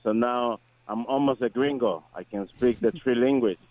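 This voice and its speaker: A man's voice: mid-range voice, dry recording. Man on a phone line. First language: Spanish. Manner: friendly, halting non-native English. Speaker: fighter, guest. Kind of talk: phone interview. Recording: dry, tinny phone line.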